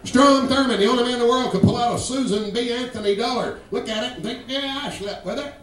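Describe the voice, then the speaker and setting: A stand-up comedian with a Georgia accent, talking brash and profane and mimicking regional accents. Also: male voice, extremely high pitch, fairly even intonation, fast talker, a crowd in the background. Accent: Southern US, Georgia. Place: comedy club stage. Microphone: stage microphone. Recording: roomy live club recording from a distance. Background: audience laughter.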